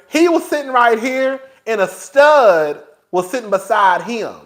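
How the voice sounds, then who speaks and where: A man with a notably high voice spins a casual story for his vlog audience. He talks in an animated, dramatic way and laughs often. He keeps addressing his listeners as girl. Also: unhurried. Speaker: vlogger.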